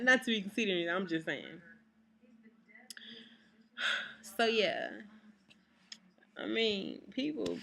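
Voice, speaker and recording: A woman's voice: on the low side, gravelly, a bit bright. A young woman, ranting to camera in a casual vlog, blunt and exasperated, swearing freely. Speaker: vlogger.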